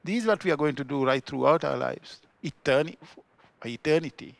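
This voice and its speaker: A male pastor with a Sri Lankan accent delivers a sermon in a fairly high voice. He swells into loud, emphatic declarations and then drops to hushed, low remarks. The sound is close and dry, with almost no room echo. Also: brisk, vocal fry. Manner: swings between loud emphatic peaks and quiet low asides. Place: church.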